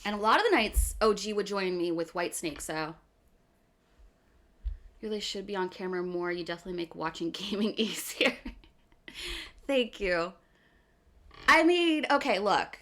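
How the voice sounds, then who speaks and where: A chatty woman with a Philadelphia-area accent talks casually with her stream viewers. Her voice is animated and her pitch sits in the middle of the range. She laughs often and keeps tossing in "okay.". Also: normal speed, pauses often. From US East Coast, outside Philadelphia.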